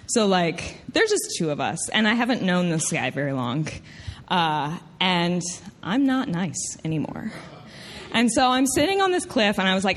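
A woman from Tennessee with a Southern US accent, telling a personal story live on stage in a lively, self-mocking way. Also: mid-range voice.

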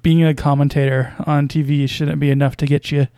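A man's voice: on the high side, flat delivery, brisk, mellow, no room sound. A man casually commenting on basketball news as a podcast host, with a hesitant, wry delivery full of fillers and small chuckles.

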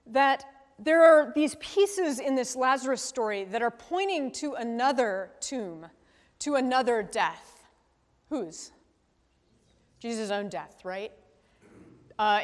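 A woman pastor giving a conversational sermon, often checking in with the congregation with tag questions like a teacher. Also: sits high. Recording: long reverb of a large hall.

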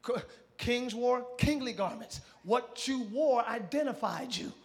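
A male pastor preaching a live church sermon, exhorting and shouting to the congregation, then dropping into quieter conversational asides. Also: very high-pitched, animated, unhurried, slightly rough. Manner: drops to a quiet conversational tone between shouted passages. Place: church sanctuary.

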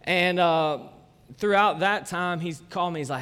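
A man's voice: sits high, normal speed, pushed and bright, clear, resonant tone. A man, preaching a casual, conversational sermon full of jokes and chatty asides. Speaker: pastor. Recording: long church-hall reverb.

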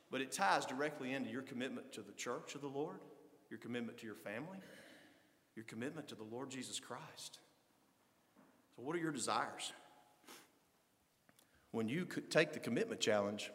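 A male pastor preaching a sermon, swinging between loud, fervent passages and low conversational asides. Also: long reverb tail.

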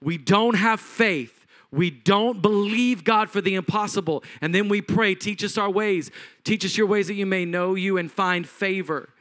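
A man preaching from the pulpit in a fairly high voice. He tells the story with animated swings, rising loud and then dropping to a hush. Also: moderate pace. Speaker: pastor. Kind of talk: sermon.

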